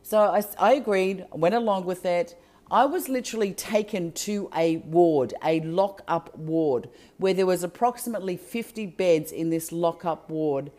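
A woman telling a personal story out loud in an earnest, emphatic and heartfelt way. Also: lowish voice, a little slow.

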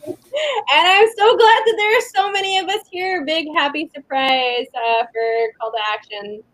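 A woman's voice: very high-pitched, sing-song, normal speed, a bit bright, dry recording, low-quality recording. A woman chatting casually as a panelist, rambling with fillers. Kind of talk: casual chat.

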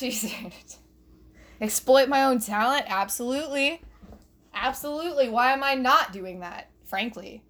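A young woman doing a profane, rambling comedy rant alone in her bedroom, recorded on her phone, laughing at her own jokes. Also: on the high side. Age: young adult. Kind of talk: solo stand-up style rant.

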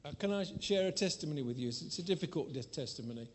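Man, preacher, high voice, sermon, candid personal storytelling, self-mocking, swings between soft and loud. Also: animated, rapid-fire.

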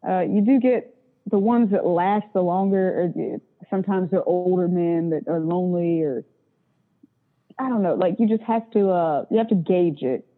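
A woman's voice: on the low side, normal speed. A woman telling candid stories about her work in a blunt, profane way. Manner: blunt and profane, acts out callers' voices. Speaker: interview guest, phone sex worker. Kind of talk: candid casual storytelling. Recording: tinny phone-like sound.

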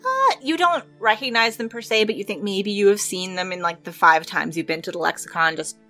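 A woman's voice: medium pitch, animated, a little fast, pushed and bright, faint music behind. A woman narrating as game master of a tabletop role-playing game, describing scenes with frequent hesitations and fillers.

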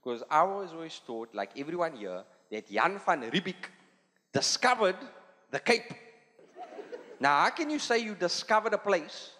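A man with a South African Indian accent delivers a stand-up set in a high, bouncing voice that rises and falls constantly. He slips into quick character voices as he goes. The recording comes from a live theatre, with long hall reverb and a loud audience underneath. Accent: South African Indian English. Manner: animated, acts out characters in quick put-on voices. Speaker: stand-up comedian.

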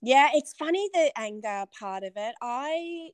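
A woman hosting a casual chat, quick to laugh as she talks. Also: high-pitched, expressive, clean tone, no echo.

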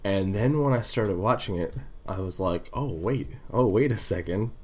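A man's voice: on the low side, animated, moderate pace, darkish tone, breathy edge. A man co-hosting a casual review chat, rambling with lots of fillers and the odd swear. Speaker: podcast co-host.

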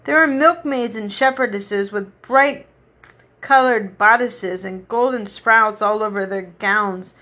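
A woman's voice: on the high side, pushed and bright. A woman reading a children's story aloud, unpolished, going back to fix slips and restart lines. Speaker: reader.

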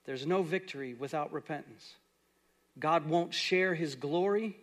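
A middle-aged man preaching a sermon as pastor, moving between loud, earnest exhortation and soft, quiet prayer. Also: on the high side, unhurried.

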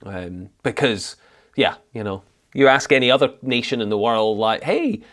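A man chatting as a podcast guest, animated and quick to act out voices and laugh. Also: lowish voice. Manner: animated, mimics voices in anecdotes, laughs a lot. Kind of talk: casual podcast chat.

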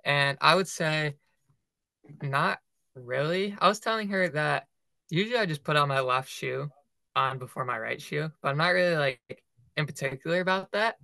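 A man's voice: fairly high pitch, normal speed, gravelly, sharp tone, dry recording. A young man co-hosting a running podcast, chatting casually and filling his talk with "like". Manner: filler-heavy, lots of "like". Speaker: podcast co-host. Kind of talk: casual chat.

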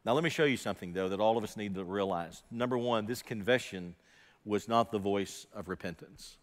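A man preaching a sermon emphatically, firing rhetorical questions and swinging from quiet asides to loud, raised passages. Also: lowish voice, brisk. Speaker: pastor. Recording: long hall reverb.

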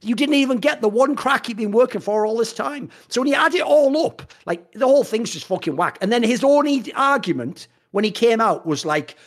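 On a podcast, a British male co-host rants heatedly and mockingly with plenty of profanity, often launching into impressions of others. He sounds very high-pitched and animated, talking fairly quickly with few pauses.

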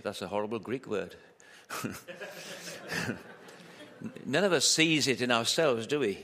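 A male preacher delivers a sermon in a relaxed, conversational way, dropping quips and firing rhetorical questions at his congregation. His mid-pitched voice carries a long, lingering reverb from a large hall. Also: a little slow, long pauses. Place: hall at a church camp.

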